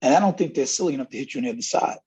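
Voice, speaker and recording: Animated and rapid-fire, a middle-aged college running backs coach talks at medium pitch in a mellow, husky voice. As an interview guest he candidly tells stories, earnestly acting out plenty of dialogue, and the audio is dull lo-fi.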